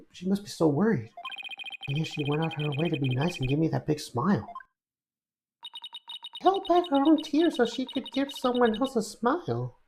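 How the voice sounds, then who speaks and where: A woman's voice: deep voice, noisy background, voice pushed up. A woman reading a gloomy older astronaut. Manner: earnest, mournful, self-deprecating. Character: weary older male astronaut, gentle and self-pitying. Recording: game music behind.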